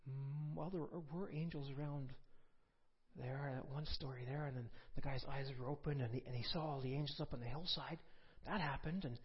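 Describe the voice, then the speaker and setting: Husky preacher telling a testimony. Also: male voice, medium pitch, fairly quick. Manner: animated storytelling, rising to forceful preaching. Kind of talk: sermon with personal testimony. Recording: dull lo-fi recording.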